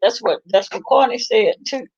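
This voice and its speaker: A woman's voice: a little high, normal speed, a little mellow, breathy edge, muffled recording. A woman hosting a casual chat, laughing often and reacting to what she is listening to. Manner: laughing, gossipy reactions to a livestream. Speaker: host.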